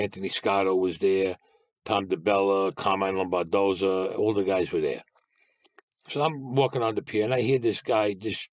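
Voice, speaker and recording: In a storytelling interview, a man with a lowish voice recounts past crimes bluntly and with plenty of profanity, voicing the people in his stories. The recording is dry and studio-clean.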